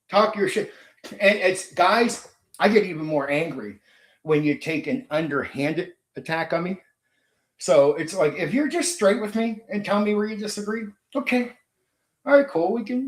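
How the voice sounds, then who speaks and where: A man's voice: a little high, roomy sound. A man hosting his own channel, ranting in a blunt, profane, combative casual monologue. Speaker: channel host.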